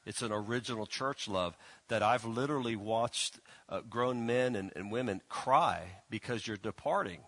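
Folksy and teasing, a man gives a relaxed sermon in church, his speech halting with frequent restarts, stumbles and filler words. His voice is on the low side and a little bright. No echo can be heard.

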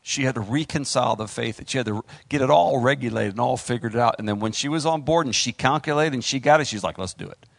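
A middle-aged male pastor preaching a sermon, animated, acting out voices and talking straight to the congregation. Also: mid-range voice, quick pace, gravelly, dry recording, studio quality.

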